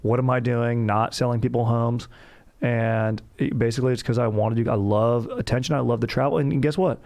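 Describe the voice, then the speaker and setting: A young man hosts a casual podcast in a mid-pitched voice. He talks in a hyped, slangy way, swearing casually and dropping dude into almost every line. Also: steady tone, fairly quick, gravelly, a little mellow. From Orange County, California. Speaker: podcast host.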